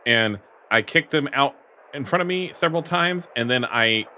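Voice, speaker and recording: A man's voice: medium pitch, lively intonation, moderate pace, bright, forceful tone, rough recording. A man playing a tabletop game, chatty and given to storytelling. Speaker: player. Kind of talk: tabletop role-play.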